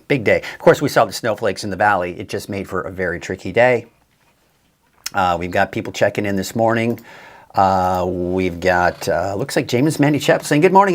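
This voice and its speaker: A man giving a casual, chatty live weather forecast as a TV meteorologist, upbeat and a bit tired, with many fillers and restarts. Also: lowish voice.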